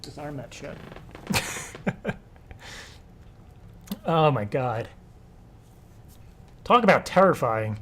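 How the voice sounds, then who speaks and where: A man's voice: mid-range voice, animated, drawn-out words, pauses often, fairly bright tone, a little hiss or hum. A young man hosting a live stream show, rambling casually with frequent laughter and swearing. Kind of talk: casual livestream chat.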